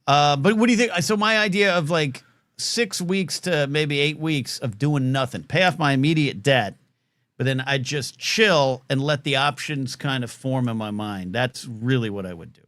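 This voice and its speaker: A man's voice: mid-range voice, moderate pace, fairly bright tone, no room sound, clean studio sound. A man hosting a call-in show, rambling playfully with lots of fillers and restarts. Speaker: host. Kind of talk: casual call-in show chat.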